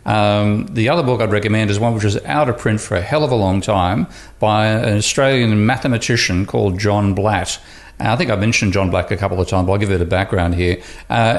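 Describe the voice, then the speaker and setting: A man, a professor who is a guest on a podcast, talking casually and telling anecdotes, with many restarts. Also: lowish voice.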